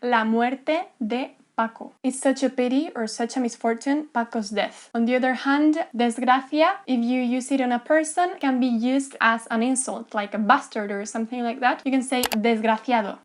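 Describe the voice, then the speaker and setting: Playful woman teaching a casual lesson. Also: a little high. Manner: playful, animated, acts out examples. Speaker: language teacher.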